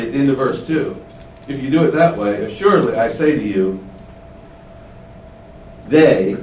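A man's voice: mid-range voice, echoey room, distant mic, slight background noise, rough recording. A man preaching an expository sermon in a conversational way, often asking rhetorical questions and building up emphasis. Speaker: pastor.

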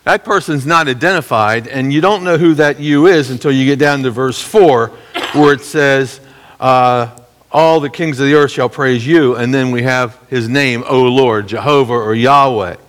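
A middle-aged man leads a Bible lesson, talking his listeners through the verses step by step. His delivery is measured and explanatory, with an ordinary mid-range voice. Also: mid-range voice, a bit bright. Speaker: Bible teacher.

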